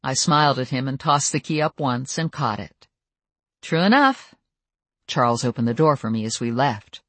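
Audiobook narrator, mid-pitched, steady storytelling, dry close recording. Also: brisk, no echo.

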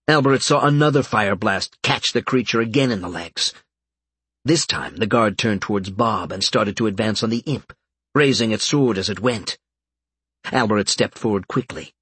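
A man narrating an audiobook in a steady, matter-of-fact way, with a husky voice. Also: lowish voice, no echo. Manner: steady, matter-of-fact reading of game stats. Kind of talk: scripted narration.

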